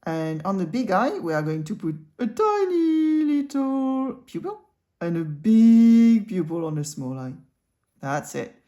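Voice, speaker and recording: A woman's voice: mid-range voice, sing-song, measured pace, mellow. A woman teaching cartoon drawing in a casual tutorial, chatting the viewer through each stroke.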